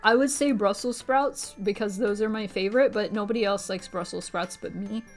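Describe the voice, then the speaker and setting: Chatting at normal speed with faint music in the background, a young female streamer rambles casually to her audience. When quoting someone, her voice jumps up to a squeaky pitch.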